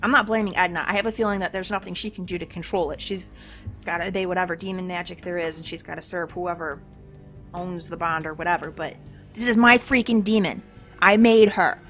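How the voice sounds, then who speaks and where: A woman giving chatty, animated commentary while playing a story game. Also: lowish voice, fast, soft background music. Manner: chatty and animated, talks to herself about choices. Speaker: game streamer. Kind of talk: let's play commentary.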